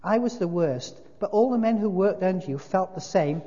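A preacher voicing a gentle, patient spirit. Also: male voice, high-pitched, expressive, moderate pace, voice pushed up. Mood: earnest. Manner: patient, soft, pleading. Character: calm, gentle male spirit, a reformed murderer. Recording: muffled hall reverb.

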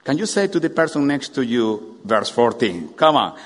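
A man preaching a sermon, animated, firing rhetorical questions at the congregation. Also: medium pitch, moderate pace. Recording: long hall reverb.

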